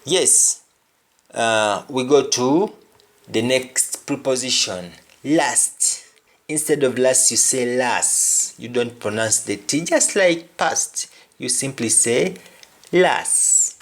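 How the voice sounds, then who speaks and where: A man's voice: medium pitch, animated, slow pace. A man teaching a language lesson, repeating each word several times as he explains it. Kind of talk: spoken lesson on patois phrases.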